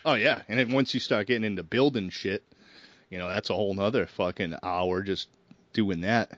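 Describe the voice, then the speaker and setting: A man in a relaxed gaming chat, laughing easily and swearing casually. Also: lowish voice, moderate pace, no echo. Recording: dull, dry lo-fi sound.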